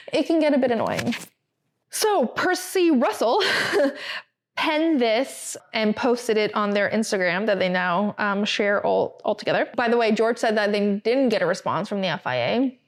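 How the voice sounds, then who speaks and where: A woman hosts a podcast at normal speed with a medium-pitched voice. She chats casually and animatedly, using filler words and laughing, and at one point reads a statement aloud.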